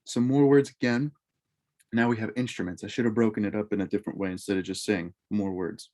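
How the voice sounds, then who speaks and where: A man's voice: lowish voice, steady tone, fast talker, darkish tone. A man teaching a casual French club lesson, repeating each French word before giving it in English, with loose delivery and frequent self-corrections.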